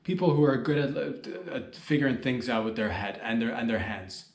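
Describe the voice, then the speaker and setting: A man's voice: mid-range voice, normal speed, reverberant. A man hosting a solo comedy podcast, rambling and joking as he talks straight to his listeners.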